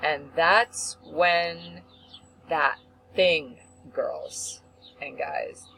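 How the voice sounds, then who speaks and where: Expressive woman hosting a faith talk show. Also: drawn-out words, a little hiss or hum, poor audio. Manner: expressive, acts out quotes with big pitch swings. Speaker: host. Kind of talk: animated storytelling.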